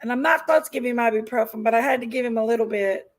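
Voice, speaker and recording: Hosting a casual livestream despite an upset stomach, a woman greets viewers by name in a chatty, folksy way. Her voice sits on the high side and races along, and the audio quality is poor.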